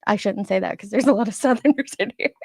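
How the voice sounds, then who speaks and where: A chatty woman in her forties hosts a live stream, greeting viewers by name and laughing often. Her voice has a gravelly, fried edge, and the sound is close and dry with no room around it. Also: medium pitch, fast talker, darkish tone, no room sound. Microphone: streaming setup microphone.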